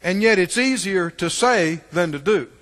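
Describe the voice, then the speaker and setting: A man preaching a sermon in church, asking the congregation questions and swinging between loud calls and hushed asides. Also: sits high, expressive, moderate pace. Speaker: pastor. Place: church sanctuary. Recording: long reverb of a large hall.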